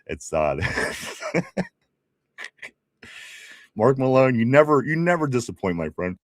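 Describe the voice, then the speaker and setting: A man's voice: mid-range voice, very animated, takes it slowly, no echo, clean studio sound. A man with a Pittsburgh accent co-hosting a live sports show, reading viewer comments with teasing laughs. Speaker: podcast co-host.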